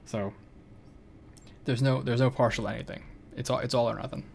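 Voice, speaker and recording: A man's voice: medium pitch, fairly even intonation, moderate pace, gravelly, a little hiss or hum. A man streaming a game, chatting casually in a rambling, self-correcting way. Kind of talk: casual gameplay chat.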